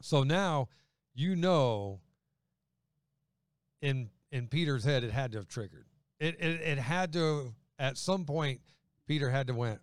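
A man's voice: mid-range voice, lively intonation, unhurried, no echo, clean studio sound. A man preaching a sermon in a conversational way, acting out quoted voices as he goes. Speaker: pastor.

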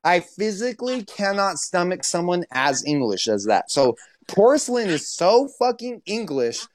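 A man hosting a casual podcast chat, animated and swearing, making boastful joking threats. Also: sits high, a little slow, no room sound.

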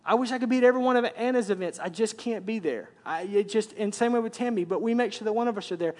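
A man's voice: very high-pitched, very fast. A man, preaching a conversational sermon and repeating words as he builds up. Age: 40s. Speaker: pastor.

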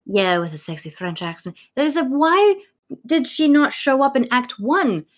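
Animated woman rambling about a play. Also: high-pitched, a little slow. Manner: rambling, animated, many fillers, jokey voices for characters. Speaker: podcast co-host. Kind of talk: casual literary discussion.

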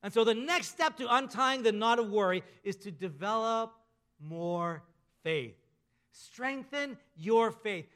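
A man preaching a sermon, emphatic, slowing down and dropping softer at the ends of key phrases. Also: sits high, clear, resonant tone. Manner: emphatic preaching with slow drawn-out endings. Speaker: pastor.

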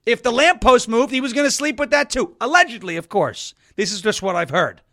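A man from Long Island, New York, hosting a political talk show with wisecracking, sarcastic commentary and bursts of loud emphasis. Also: extremely high pitch, animated, brisk. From Suffolk County, New York, US.

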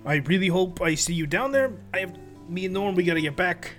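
A man's voice: sits high, animated, fairly quick. A man voicing a chatty, friendly male courier who rambles with many fillers, over faint guitar music. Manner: rambling, hesitant, full of fillers.

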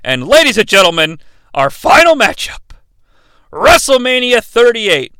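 A man hosting a comedic wrestling podcast, ranting sarcastically with animated delivery and the odd shout for emphasis. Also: high-pitched, clean tone, dry recording. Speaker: podcast host.

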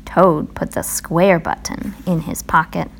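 A woman reading a children's storybook aloud in a slow, even manner. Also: on the low side, creaky.

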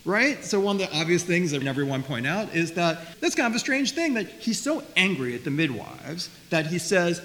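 A man teaching a Bible study class, talking in a lively way, often repeating words and asking his listeners questions. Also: high-pitched, brisk, few pauses. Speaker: Torah teacher. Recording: faint hiss, long reverb.

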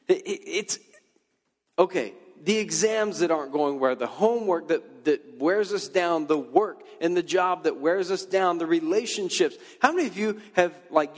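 A young adult man preaching a conversational sermon, animated and informal, often using "like" and "okay" as he talks to his audience. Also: a little high, in a large hall. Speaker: pastor.

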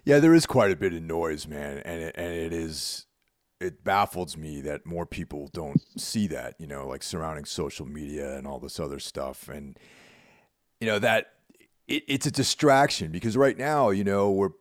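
A man hosting a casual chat, agreeing and trailing off softly at the ends of sentences. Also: deep voice, expressive, moderate pace, dry recording, clean studio sound.

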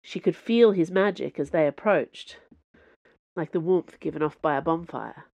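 A woman author reading her fiction aloud as a podcast host, in measured storytelling. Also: deep voice, gravelly, a little mellow, highs cut off. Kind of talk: audiobook narration.

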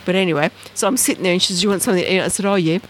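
An Australian woman, an interview guest, telling a personal story in a lively way and acting out the voices and sounds in it. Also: lowish voice, racing, a little hiss or hum. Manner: animated, acts out voices and sounds.

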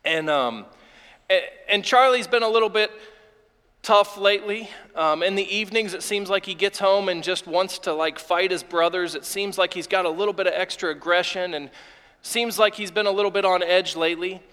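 A man in his thirties preaches in a high voice, his sermon turning emotional as he tells a story with halting restarts. His words ring out with a long reverb from the church sanctuary. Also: bright, forceful tone, clean tone. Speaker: pastor.

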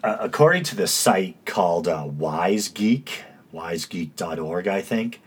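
A low, husky man with a stuffy-nosed East Coast accent talks his way through a solo podcast episode. His delivery is droning and dry, full of uhs and self-mocking asides. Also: expressive, a little slow. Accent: East Coast American. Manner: dry, self-mocking, many filler sounds. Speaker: podcast host. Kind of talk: casual solo podcast monologue.

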